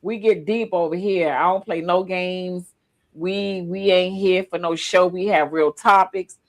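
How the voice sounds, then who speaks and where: A woman hosting a casual livestream podcast, lively and emotional, teary-eyed as she talks. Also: on the low side, a little slow. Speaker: podcast host.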